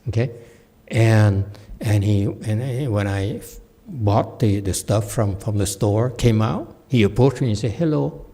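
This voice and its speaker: A man's voice: on the low side, unhurried, dark tone. A man giving a dharma lecture in a temple hall, telling stories with folksy, self-deprecating humor and frequent checks of "okay?". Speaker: Buddhist teacher.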